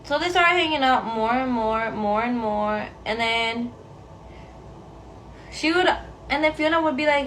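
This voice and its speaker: A woman's voice: on the high side, moderate pace, fairly bright tone, a little hiss or hum. A young woman chatting casually while getting ready, telling a storytime to her viewers in a slangy, friendly way. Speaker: beauty vlogger. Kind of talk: get-ready-with-me storytime chat.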